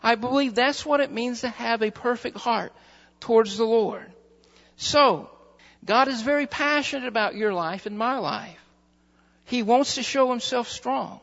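Fervent high-voiced male preacher, gravelly. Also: unhurried, a bit bright. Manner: fervent, repeats phrases for emphasis. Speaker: pastor. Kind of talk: sermon. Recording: muffled recording with long hall reverb.

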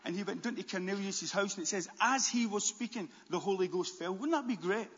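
Husky pastor preaching in an echoey hall. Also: male voice, sits high, brisk, hardly any pauses. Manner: animated preaching with stammered restarts, rising to near shouts. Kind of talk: sermon. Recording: dull, long-echo church hall.

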